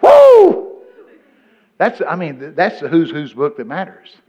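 Older preacher guy, folksy storytelling, kinda high voice, muffled lo-fi sound. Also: moderate pace, slightly rough. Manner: folksy storytelling, bursts of loud excitement. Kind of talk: folksy sermon. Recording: muffled lo-fi recording.

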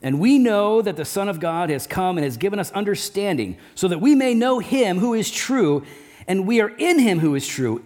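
A man preaching a sermon, emphatic and repetitive, often dropping his voice low and slow to stress a point. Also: expressive, a little mellow. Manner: emphatic, repeats key phrases, drops low and slow for stress. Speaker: pastor.

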